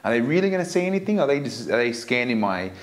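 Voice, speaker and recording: A man's voice: mid-range voice, sing-song, quick pace. A man co-hosting a casual chat podcast, making dry, wry asides. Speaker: podcast co-host.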